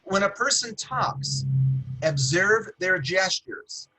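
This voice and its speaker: A middle-aged man who talks fast and animated, teaching sales skills on a video call. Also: high voice, slightly rough, faint music behind, low-quality recording. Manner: fast-talking, animated, with hand gestures. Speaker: guest trainer on a webinar. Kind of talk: casual webinar teaching.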